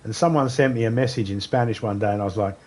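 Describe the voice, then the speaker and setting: A man's voice: lowish voice, fast. Man with slightly slurred speech. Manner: rambling, laughs often, animated storytelling. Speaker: streamer. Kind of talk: casual chat while gaming live.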